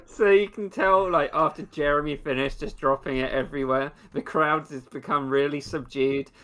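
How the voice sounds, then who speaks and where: A man's voice: a little high, steady tone, normal speed, fairly bright tone. A man narrating as game master for a tabletop game, laughing often.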